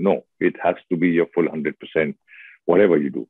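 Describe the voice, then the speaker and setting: A middle-aged man with an Indian English accent, an actor chatting in an interview, telling stories expressively with lively asides. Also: deep voice, fairly quick, dry recording. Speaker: actor guest. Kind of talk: casual interview chat. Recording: dry, tinny phone-like sound.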